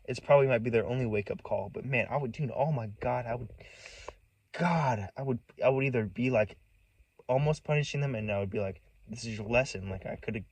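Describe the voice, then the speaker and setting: A man's voice: medium pitch, darkish tone, no room sound, poor audio. A man telling a personal story in a casual monologue, agitated and profane, rambling with many restarts. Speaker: vlogger.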